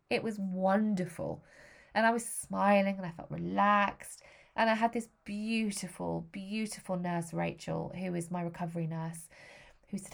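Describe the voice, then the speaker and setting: A woman's voice: fairly low pitch, creaky. A middle-aged woman from Britain, candidly telling a personal story with feeling and acting out the voices of others.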